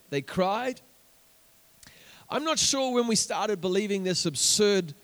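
A man with a New Zealand accent preaching a sermon as pastor, repeating words as he builds and calling out to the congregation. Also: high-pitched.

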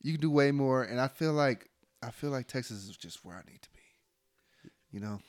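Laid-back young man, mid-pitched. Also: lively intonation, moderate pace. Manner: laid-back, rambling, slangy, trails off quietly. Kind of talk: casual chat.

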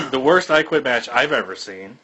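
A man's voice: mid-range voice, sing-song, normal speed, bright, forceful tone, slightly rough, poor audio. A man co-hosting a casual podcast, talking animatedly and acting out quotes with big jumps in his voice. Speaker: podcast co-host. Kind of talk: casual chat.

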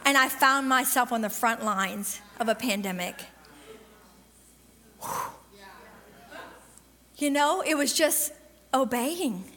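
A middle-aged woman preaches, high and bright, her voice ringing with a long hall reverb from the sanctuary. She tells her testimony with animation, rushing ahead in bursts and then stretching out key words. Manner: animated storytelling, quick bursts and drawn-out emphasis. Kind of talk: sermon with personal testimony.

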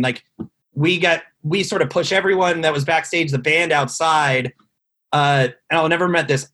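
A man with a slightly higher, husky voice tells a long, rambling tale in casual podcast chat. He swears freely and fills his talk with "like" and "you know.". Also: a bit bright. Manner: rambling storyteller, profane, many fillers. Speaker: guest telling a tour story.

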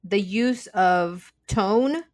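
A woman talking in a casual, unhurried conversation. She reflects on her own habits in a thoughtful, open way. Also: medium pitch.

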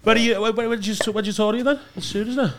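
A man's voice: high voice, steady tone, racing, fairly bright tone, slight background noise. Crude laid-back podcast host man. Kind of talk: casual podcast banter. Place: podcast studio.

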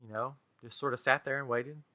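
A man's voice: mid-range voice, fairly quick. A man co-hosting a podcast, casually retelling a frustrating experience with lots of quoted back-and-forth. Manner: animated, exasperated retelling with quoted dialogue. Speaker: podcast co-host. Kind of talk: casual storytelling chat.

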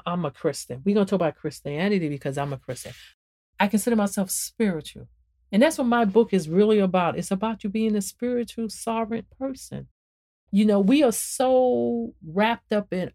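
A woman hosting a spiritual podcast and talking about her book, preaching to listeners in an animated, emphatic way and repeating phrases for emphasis. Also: normal speed. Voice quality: emphatic and animated, swings up and down in pitch. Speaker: podcast host and author.

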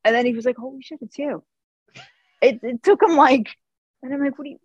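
A woman author as a podcast guest, telling family stories in an animated way and acting out what people said. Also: high voice, fast, slightly rough, no echo, lo-fi sound. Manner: animated storyteller who acts out quotes. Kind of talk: casual interview chat.

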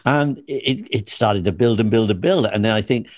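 A man's voice: on the low side, a little fast, no echo. Older male actor, anecdotal, dry close-miked. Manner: chatty storyteller with laughs and restarts. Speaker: interview guest, comedy actor. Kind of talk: anecdotal chat.

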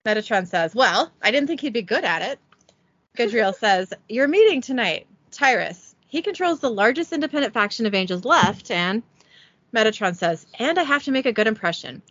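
Bright, lively woman recapping a script. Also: a little high, moderate pace, dry recording, lo-fi sound. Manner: giggly, self-deprecating, reads quotes with little voicing. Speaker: podcast host recapping an episode. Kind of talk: casual chat reading a script recap aloud.

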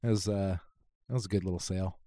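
A man's voice: low voice, fairly even intonation, fast, dark tone, dry recording, studio quality. A man co-hosting a podcast, telling rambling stories in casual chat with restarts and the odd swear. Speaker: podcast co-host.

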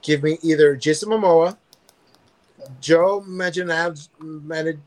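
A man with a somewhat high voice hosts a nerdy news podcast, reading items in a loose, rambling way. He fills gaps with ums and uhs and keeps it casual. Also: a little slow, low-quality recording. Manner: relaxed, rambling with many fillers.

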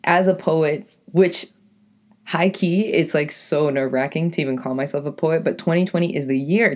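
A young woman with a deep, raspy voice and a New England accent, hosting her own podcast as a poet in a rambling, casual monologue full of "like" and "you know". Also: moderate pace. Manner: rambling, lots of "like" and "you know", self-correcting.

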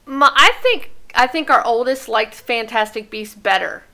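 A woman's voice: fairly high pitch, normal speed, creaky, crowd noise. A woman in her thirties, co-hosting a podcast in eager, chatty talk. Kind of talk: casual chat.

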